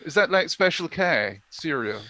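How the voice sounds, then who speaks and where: A man co-hosting a live stream, joking around and reading text off the screen in a chatty way. His voice sits fairly high for a man. The sound is close and dry, with no room echo. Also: expressive, moderate pace, pushed and bright. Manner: jokey, reads on-screen text aloud. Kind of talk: casual chat.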